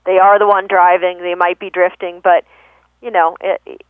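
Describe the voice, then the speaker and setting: A woman's voice: on the low side, flat delivery, moderate pace, no echo. Thoughtful woman over a tinny phone line. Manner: thoughtful, frequent fillers and self-corrections. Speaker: guest speaking on communication. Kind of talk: reflective conversational explanation.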